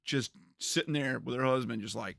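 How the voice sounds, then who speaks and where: A man's voice: medium pitch, normal speed, vocal fry, a bit bright, dry recording, clean studio sound. A man streaming a game, chatting casually and telling funny stories he often laughs through. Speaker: gaming streamer. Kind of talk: casual storytelling while playing a game.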